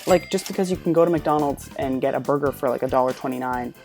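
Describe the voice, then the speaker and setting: Low-voiced woman ranting in blunt exasperation. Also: quick pace, a little mellow, faint music behind. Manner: blunt, exasperated, swears freely. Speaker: reaction commentator. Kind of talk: ranting reaction commentary.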